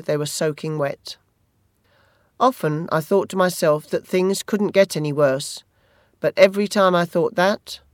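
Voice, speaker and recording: A first-person audiobook narrator with a mid-range voice, telling the story at a steady, measured pace. The recording is close and dry, with almost no room sound. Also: medium pitch, no room sound.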